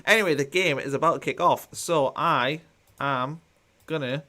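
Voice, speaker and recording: This watchalong host has a slightly high voice with a bright, forceful tone and speaks at normal speed. During a live football watchalong he chats casually and reads out viewer comments, sounding dry and mildly sarcastic.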